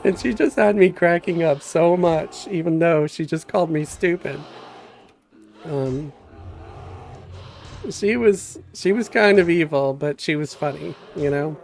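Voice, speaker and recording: A middle-aged man streams a game and drifts into a chatty, rambling story full of fillers. His voice sits a little high and he takes his time. A faint hiss sits under it. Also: measured pace, vocal fry, a little mellow. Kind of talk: casual storytelling during a gameplay stream.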